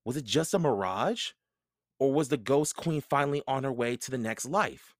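A man reading a children's book aloud, narrating in a slow, expressive storytelling way. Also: medium pitch, dry recording, studio quality.

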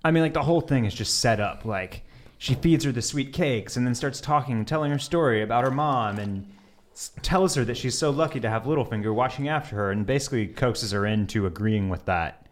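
A man co-hosting a podcast, chiming in casually and agreeably during a TV episode recap. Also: medium pitch. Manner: laid-back, agreeable, quick to chime in. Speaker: podcast co-host.

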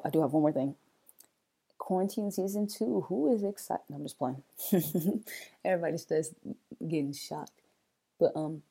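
Dark, husky-voiced woman podcast host. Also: mid-range voice. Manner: chatty, loose, playful asides. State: sleepy, early morning. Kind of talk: casual solo podcast chat.

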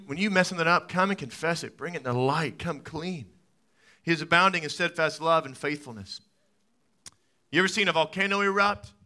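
A man in his thirties delivers a sermon with a very bright, forceful edge to his slightly high voice. He tells stories animatedly, climbing to loud peaks and then dropping to hushed, gentle passages. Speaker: pastor.

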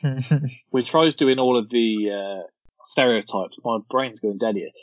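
A man's voice: medium pitch, unhurried, no room sound. Male co-host, casual chatty film talk; dry, muffled podcast audio. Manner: relaxed, chatty, quotes film lines with amused laughter.

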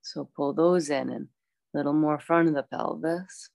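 A woman teaching a yoga class, calmly cueing poses and breaths with chatty asides. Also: low-pitched, moderate pace, creaky, no room sound. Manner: calm, instructive, chatty asides.

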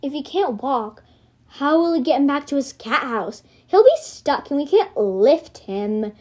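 A blunt, impatient young girl cat from a storybook, as a woman reads her out. She sounds curt and dismissive, her voice pitched high. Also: lively intonation, unhurried, mellow. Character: blunt, eye-rolling young female cat.

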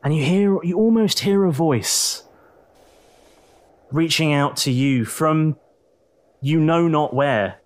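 A man's voice: a little high, slow, pauses often. A man acting as game master, telling the story to the players in the second person with a dramatic storyteller's delivery. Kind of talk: dramatic tabletop narration.

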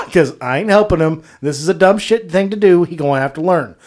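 A man's voice: high-pitched, sing-song, moderate pace. A man co-hosting a casual podcast, telling profane stories and laughing often. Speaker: podcast co-host. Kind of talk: casual storytelling chat.

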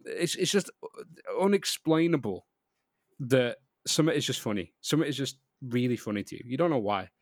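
A man's voice: mid-range voice, animated, a little fast, no echo. Rambling young man, dry sound. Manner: rambling, lots of "like", laughs easily. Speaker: podcast co-host. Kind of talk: casual chat. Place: remote online call.

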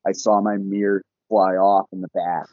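A young man, a podcast guest, telling a casual story in an animated, profane way and laughing often. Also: sits low, normal speed, dry recording. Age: young adult. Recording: dull, lo-fi podcast audio.

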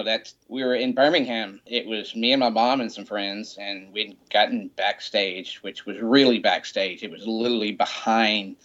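A man's voice: lowish voice, a bit bright, lo-fi sound. A man as a podcast guest, telling stories in a rambling, casual way full of "you know.". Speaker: guest, rock memorabilia shop owner. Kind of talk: casual storytelling.

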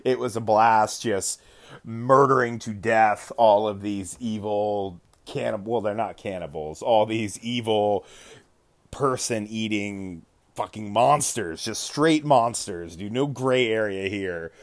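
Speaking slowly at a fairly low pitch, this podcast host recounts a tabletop game session in a relaxed storytelling way, cursing often and fixing his own sentences as he goes.

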